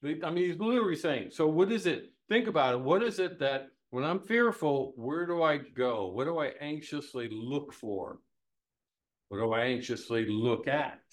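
A man teaching the Bible to a live group in a conversational way, lively and folksy, asking many rhetorical questions with homespun humor. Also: on the high side, moderate pace.

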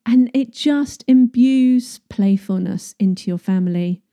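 A woman, a parenting coach giving casual advice, chatty and quick to laugh. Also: a little high, dark tone. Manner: chatty, laughs often, restarts phrases.

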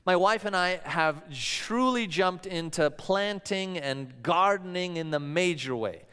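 A man's voice: high voice, unhurried, a bit bright, clear, resonant tone. A man preaching a sermon as pastor, telling stories and acting out the voices of the people in them. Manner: storytelling preacher who acts out quoted voices. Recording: long hall reverb.

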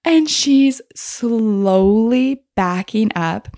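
A woman's voice: a little high, expressive, extremely slow, mellow, no echo, studio quality. A woman hosting a podcast, telling stories in a chatty, casual way and laughing often. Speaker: podcast host. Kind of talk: casual storytelling.

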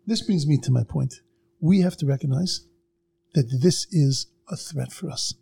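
Gravelly husky middle-aged storyteller man. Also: normal speed, mellow. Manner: acts out quoted people with big jumps in pitch. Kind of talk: animated storytelling in casual chat.

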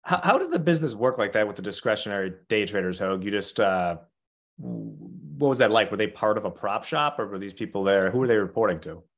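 Man, lowish voice, podcast co-host, reflective, casual, uses examples. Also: animated, fairly quick, vocal fry. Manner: reflective, explains through everyday examples.

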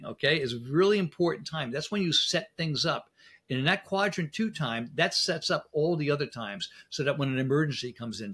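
A man's voice: on the high side, fairly bright tone, breathy edge. A middle-aged man, a dental specialist, chatting as an interview guest and telling stories with acted-out exchanges. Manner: anecdotal, speaks in quoted exchanges. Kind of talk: casual interview talk.

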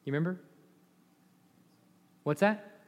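A man with a bright voice teaches Scripture in a loose, conversational way, tossing questions to his listeners. The sound carries a long, reverberant hall echo. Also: sits high, takes it slowly. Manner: conversational, quizzes the audience, chuckles. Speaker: Bible teacher. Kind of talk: informal Bible teaching.

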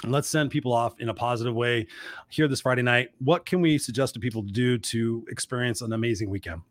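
Animated, profane male storyteller. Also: medium pitch, fast, no echo. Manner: animated, profane, acts out quotes loudly. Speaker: co-host. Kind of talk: casual storytelling chat.

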